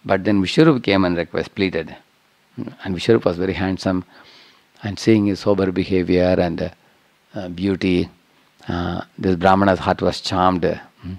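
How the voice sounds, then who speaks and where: A man's voice: deep voice, fairly even intonation, normal speed, vocal fry, a little mellow, no room sound. A man giving a devotional scripture lecture, telling a story and checking in with listeners with "huh?" and "hmm?".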